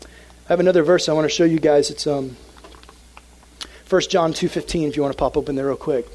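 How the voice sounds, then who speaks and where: A young man preaching to a youth group, telling a story with lively, animated energy. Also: fairly high pitch, a little fast, a little hiss or hum, low-quality recording. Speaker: youth pastor. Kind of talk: sermon with a personal story.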